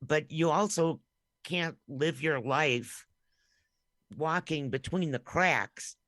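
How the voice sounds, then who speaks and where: A woman's voice: low voice, slow pace, fairly bright tone, no echo, studio quality. A woman co-hosting a podcast in casual chat, making wry jokes. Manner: wry, joking. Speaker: podcast co-host.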